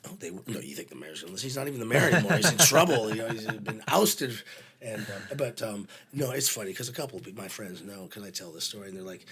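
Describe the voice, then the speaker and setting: A middle-aged man telling backstage stories in a casual, animated way, swearing freely and using lots of fillers. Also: lowish voice, a little fast, crowd noise. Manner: animated, profane, full of fillers. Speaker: podcast guest, venue manager. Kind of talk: casual anecdotal storytelling.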